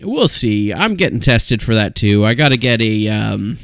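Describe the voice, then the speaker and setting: Joking man with a smooth, dry voice. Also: on the low side, big pitch swings, no room sound. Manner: joking, halting with many fillers. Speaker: podcast co-host. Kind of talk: casual chat.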